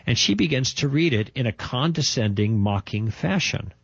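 Husky older man telling a personal story. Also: mid-range voice, moderate pace, dry recording, dull audio. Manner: animated, emphatic storytelling with repetitions. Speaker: testimony speaker.

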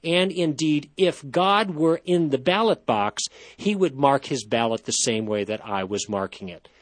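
A male radio host who talks through his reasoning at length, stopping and restarting as he builds his point. His voice has a husky edge, and the sound is dry and close. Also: medium pitch, normal speed, no echo. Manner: thoughtful, explanatory, with frequent restarts. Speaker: radio talk show host. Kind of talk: call-in radio talk.

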